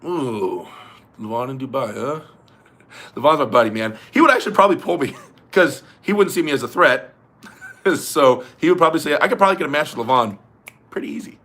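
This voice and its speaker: A young man hosts a casual livestream, reading viewer comments in a laid-back way, laughing a lot and swearing casually. His medium-pitched voice is expressive, brisk, pushed, and bright.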